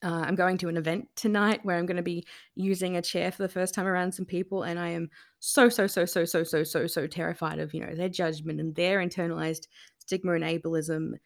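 A woman's voice: lowish voice, level tone, fairly quick, gravelly. A woman guest in an interview, speaking candidly and emotionally with many fillers and restarts.

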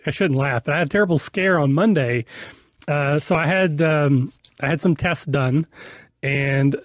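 A man's voice: fairly high pitch, dry recording. Chatty man with a weak voice. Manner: chatty, self-deprecating, laughs often. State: weak, slightly off voice from a cough. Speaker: podcast host. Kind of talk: casual podcast chat.

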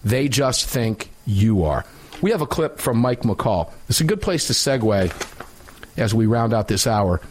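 Man, talk radio host, sarcastic, emphatic, very lively pitch. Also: unhurried. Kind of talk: opinionated talk radio commentary.

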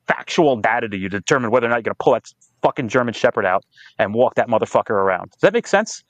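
On a podcast interview, a man who founded a police training company races through his cop stories, cursing a lot and animating them with quoted dialogue. His pitch is medium, and there's no room sound.

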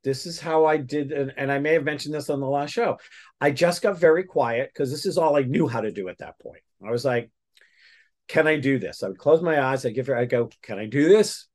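A man's voice: mid-range voice, brisk, a little mellow. A man telling a story as a guest in a casual interview, rambling with many restarts.

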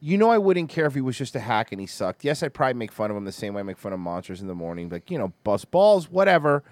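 A man's voice: medium pitch, big pitch swings, fast talker, a little mellow, no echo. A man hosting a comedy podcast, ranting crudely and mocking his targets with explosive outbursts. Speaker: podcast host. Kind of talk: profane comedy rant.

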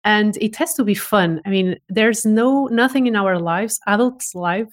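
A woman's voice: mid-range voice, measured pace. A woman guest speaking as a voice expert in a casual interview, enthusiastic and given to restarts and repeated words.

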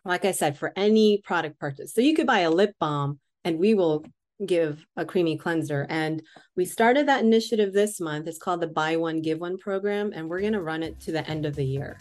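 Earnest woman guest, lowish voice. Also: fairly quick, darkish tone. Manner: earnest, explains plainly. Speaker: guest, skincare company founder. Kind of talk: interview answers.

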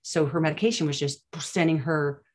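A woman, a nurse and guest on an interview, telling stories in an animated, chatty way with many restarts. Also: deep voice, fairly quick. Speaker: nurse and plant-based diet advocate, guest. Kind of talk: casual interview storytelling.

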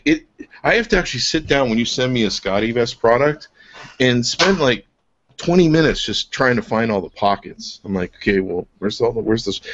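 A man hosting a podcast, enthusiastic and joking as he shows off a product, laughing often. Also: medium pitch. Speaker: podcast host. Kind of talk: casual product chat. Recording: dull lo-fi podcast audio.

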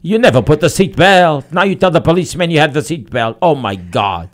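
A high, loud, scolding wife who talks in broken English and piles on complaint after complaint, voiced by a man telling a joke. She sounds fed up and relentless. It is heard in a radio studio. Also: expressive, natural voice. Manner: nagging, loud, rapid complaints.

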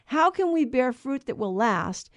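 A woman's voice: sits high, sing-song, measured pace, no echo. A woman co-hosting a Catholic talk show, teaching in an earnest, storytelling way. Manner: earnest storyteller who acts out quoted voices. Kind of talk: conversational faith teaching.

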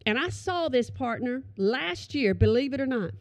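A middle-aged woman telling comic stories to an audience, animated and calling them y'all. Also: sits high, moderate pace, dry recording, muffled recording. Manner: animated, addresses listeners as y'all. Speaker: storyteller.

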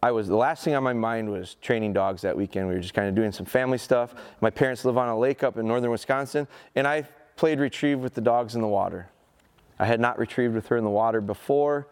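Man in his forties, dog trainer, folksy seminar talk, animated storytelling, mid-pitched voice. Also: fast, smooth. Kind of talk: live seminar talk with demonstration. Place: seminar hall at an outdoor show.

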